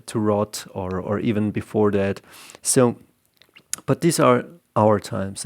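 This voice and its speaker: A man's voice: fairly low pitch, vocal fry, a little mellow. A man who is a comic artist, explaining his comics in loose, rambling casual talk and often repeating words as he restarts.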